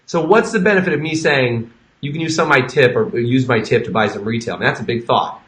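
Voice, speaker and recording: A man hosting an interview, enthusiastic and animated, playing devil's advocate for hairdressers. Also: medium pitch, fast talker. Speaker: interview host. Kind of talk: conversational interview. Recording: echoey room.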